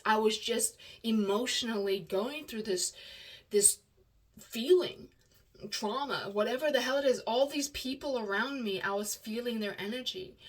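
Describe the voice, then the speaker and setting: A woman's voice: fairly high pitch, a bit bright, recorded from a distance. A woman telling a personal story in a candid, emotional way, rambling and often restarting her sentences.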